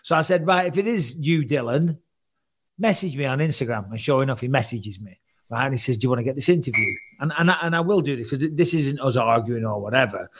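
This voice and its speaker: A man's voice: medium pitch, fast, a bit bright. A man co-hosting a podcast in easy, casual chat. He tells long anecdotes and acts out the back-and-forth he describes, in a mid-range voice. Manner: storytelling, acts out quoted exchanges. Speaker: podcast co-host.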